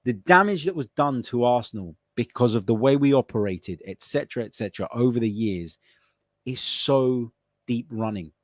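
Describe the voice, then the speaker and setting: A young man makes his case on a solo football podcast, piling up rhetorical questions in an earnest, argumentative tone. His voice sits at an ordinary middle pitch. The close mic gives a dry, dead sound with no room around it. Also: animated, normal speed, no echo. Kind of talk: solo opinion talk.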